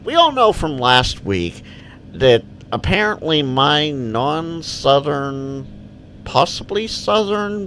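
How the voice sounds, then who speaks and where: Male stream host, casual and rambling, answers chat slowly with a lively up-and-down pitch. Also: slight background noise. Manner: rambling, reads viewer comments aloud and answers. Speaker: livestream Q&A host.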